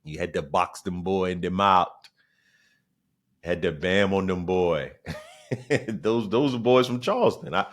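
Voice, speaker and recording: A man in his forties from South Carolina with a Southern accent, a stand-up comic hosting a podcast in a loose, slangy, animated monologue. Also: sits low, a little slow. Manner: animated, slangy, repeats phrases. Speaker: podcast host, stand-up comedian.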